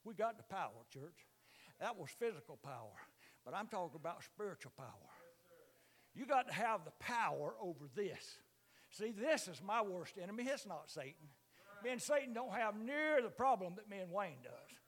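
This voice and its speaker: An older man preaching a sermon in a church, moving from low, quiet stretches to loud, impassioned calls. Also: sing-song, normal speed.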